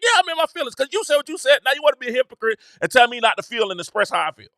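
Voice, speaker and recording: A man's voice: extremely high pitch, big pitch swings, racing, few pauses, sharp tone, dry recording, studio quality. A man hosting his own show, talking in a casual, emphatic monologue with slangy, repetitive phrasing. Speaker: show host.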